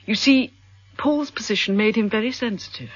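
An actress playing a wealthy middle-aged widow in a radio drama, effusive, melodramatic and sentimental. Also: female voice, a little high, moderate pace, husky. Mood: gushing. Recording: dull lo-fi radio broadcast.

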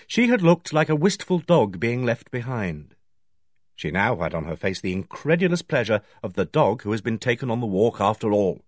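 Man, audiobook narration, wry, measured, animated pitch, dry close sound. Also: no echo. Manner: measured, wry first-person telling.

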